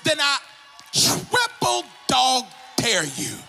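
A male pastor preaching in a church with a high, piercing, bright voice. He sings his phrases and climbs into shouts, then settles into slow, deliberate teaching. Soft hip hop music plays underneath. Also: wildly swooping pitch, creaky. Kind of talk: sermon.

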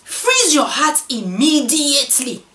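A woman reciting a poem in a put-on West African accent, slow and measured with dramatic pauses. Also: high voice, big pitch swings, sharp tone, pitched above the performer's own voice, heavily acted. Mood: solemn. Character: solemn female poetry reciter. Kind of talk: poetry recitation. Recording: roomy echo, distant mic.

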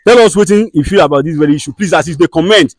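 A man with a Nigerian accent who hosts a comedy skit, scolding and soothing people in fast, direct talk. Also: a little high, no room sound, studio quality. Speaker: skit host and mediator.

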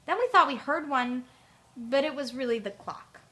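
A woman's voice: high voice, normal speed, sharp tone. A woman voicing a small, timid young male piglet in a storybook, stammering and fretful. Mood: frightened.

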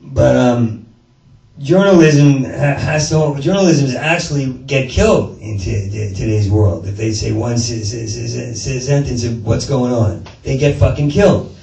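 Man, stand-up comic, gravelly voice, stammering, profane, distant mic in a roomy space. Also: medium pitch, unhurried, mellow. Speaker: stand-up comedian. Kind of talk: rambling stand-up storytelling. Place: small performance space in front of an audience.

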